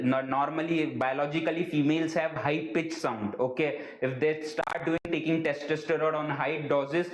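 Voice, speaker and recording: A man with an Indian English accent teaching biology in a live exam-prep class, checking "okay?" after nearly every line and slipping into joking Hindi asides. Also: on the high side. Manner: joking, answers viewer questions. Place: teaching room with a skeleton model. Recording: echoey room.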